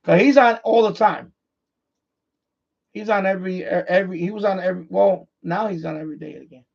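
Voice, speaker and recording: The host is a man with a high, gravelly and husky voice who rambles and keeps circling back over the same point. The stream audio sounds dull and lo-fi. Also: brisk. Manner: repetitive, restarts sentences often. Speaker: livestream host, amateur radio operator. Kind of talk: casual rambling chat.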